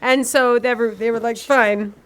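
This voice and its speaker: A woman's voice: fairly high pitch, lively intonation, moderate pace, a bit bright. A woman guesting on a casual podcast chat, blunt and swearing freely.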